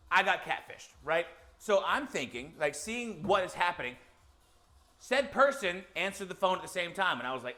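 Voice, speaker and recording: A man co-hosting a podcast, telling a long anecdote in a casual, animated way and acting out the quotes. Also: high voice, measured pace, pauses often, soft background music. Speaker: podcast co-host. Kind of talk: casual storytelling.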